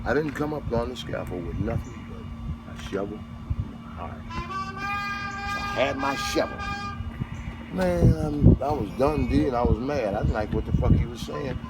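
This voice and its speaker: A man telling a profane, animated work story to friends, often laughing and shouting. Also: mid-range voice, measured pace, pauses often, heavy background noise. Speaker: bricklayer telling work stories. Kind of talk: casual storytelling among friends. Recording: loud music behind.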